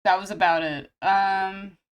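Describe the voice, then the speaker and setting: A woman's voice: mid-range voice, steady tone, unhurried, clean tone, dull audio. A woman streamer chatting casually and rambling with lots of fillers while she draws live, a little sniffly. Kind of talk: casual chat while drawing.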